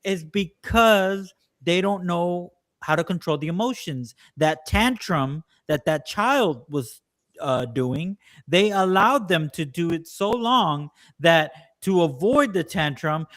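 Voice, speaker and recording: A man co-hosting a casual political podcast, ranting at length and mimicking people in quick quoted asides. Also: high voice, expressive, fairly bright tone. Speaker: podcast co-host.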